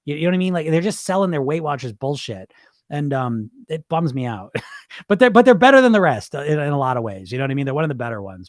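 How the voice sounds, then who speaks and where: A middle-aged man hosting a weight loss podcast, talking in a blunt, profane, animated way. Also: fairly high pitch, dry recording, studio quality. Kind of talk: casual podcast talk.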